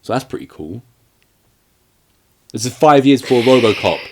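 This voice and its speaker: A man's voice: mid-range voice, lively intonation, moderate pace, background noise. A man hosting a casual film review chat, rambling and joking with frequent laughs, on camera in a room with shelves.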